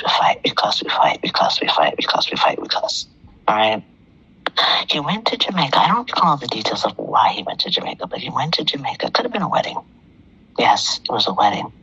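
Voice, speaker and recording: A woman's voice: low-pitched, a bit bright, slightly rough, lo-fi sound. A middle-aged woman calling in to a talk show, telling a personal story in an emphatic way and repeating phrases for effect. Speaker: caller.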